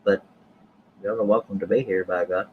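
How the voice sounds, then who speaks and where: A man's voice: sits low, fairly even intonation, normal speed, highs cut off, slight background noise. A man hosting a live stream, chatting casually and joking with viewers in a folksy way. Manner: folksy, jokey, addresses chat viewers.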